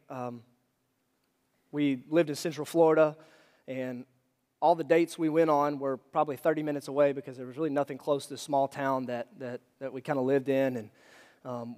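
A male pastor in his thirties preaching a sermon, telling a personal story in a conversational, animated way with asides to the congregation. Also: fairly high pitch. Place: church hall. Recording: long hall reverb.

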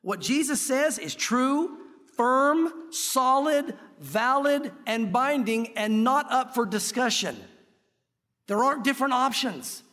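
A man's voice: very high voice, expressive, slow pace, fairly bright tone. A middle-aged man preaching a sermon in a plain-spoken, emphatic way with folksy asides, in a church sanctuary. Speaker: pastor. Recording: long hall reverb.

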